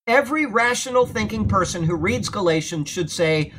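A man's voice: high voice, animated, moderate pace, fairly bright tone, slight background noise. A man teaching a Bible class in sermon style, conversational and often checking in with his listeners. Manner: conversational, often asks "okay?"; swells to emphatic, indignant passages. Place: church room during a thunderstorm.

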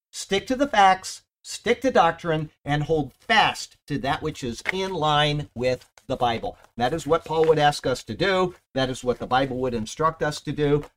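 A man preaching a sermon to a small church congregation in an earnest, conversational way, stressing his key points with more force, then closing in prayer. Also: fairly high pitch. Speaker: pastor.

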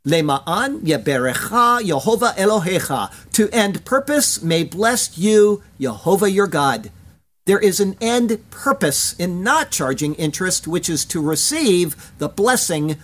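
Measured Bible teacher reading verse by verse. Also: medium pitch, big pitch swings. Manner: measured, emphatic reading with Hebrew terms.

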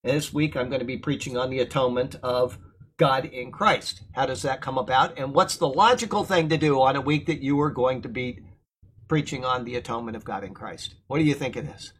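A man's voice: medium pitch, brisk, fairly bright tone, slight background noise. A man teaching through a Bible verse, earnest and emphatic, reading a commentary aloud and breaking off for plain asides.

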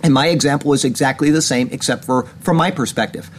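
Speaking fast over slight background noise, a male pastor delivers earnest sermon commentary in a small church, picked up by a camera mic. He reads out news items and drives his points home with growing indignation, his pitch rising as he gets indignant.

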